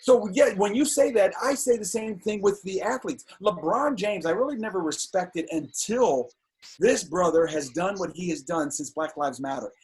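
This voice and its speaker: Husky high-voiced man telling stories. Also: moderate pace. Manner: animated, indignant storyteller. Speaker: filmmaker guest. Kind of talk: casual interview storytelling. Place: home on a video call.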